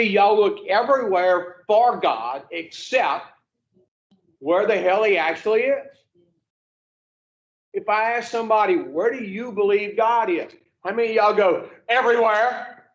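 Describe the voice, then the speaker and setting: A man with a rather high voice gives a blunt, swear-laden talk to a recovery group and keeps throwing questions back at the listeners. The recording is dull and lo-fi. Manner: profane, plain-spoken, fires rhetorical questions at the room. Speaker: addiction recovery group speaker.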